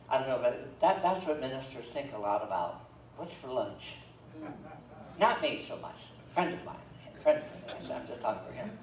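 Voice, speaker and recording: Folksy pastor preaching in an echoey church. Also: male voice, mid-range voice, moderate pace. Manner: folksy, joking asides between scripture readings. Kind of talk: sermon. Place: church sanctuary. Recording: roomy church echo, from far off, faint room noise.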